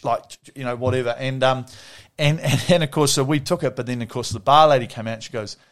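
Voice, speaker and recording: A man's voice: medium pitch, quick pace. A middle-aged man telling a story as a podcast guest, rambling, swearing freely and restarting his sentences. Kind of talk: casual storytelling.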